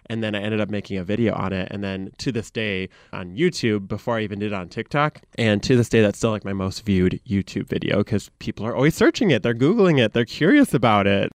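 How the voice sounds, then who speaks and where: Animated Michigan-accented man telling a story. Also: fairly low pitch, brisk, hardly any pauses, no echo, clean studio sound. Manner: animated, acts out quoted voices, frequent "like". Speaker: content creator guest. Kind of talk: casual storytelling.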